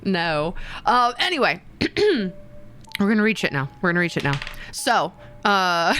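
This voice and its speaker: A woman streamer chatting casually with her viewers, animated and excitable, with sudden gasps and high squeals. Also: moderate pace. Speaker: VTuber streamer.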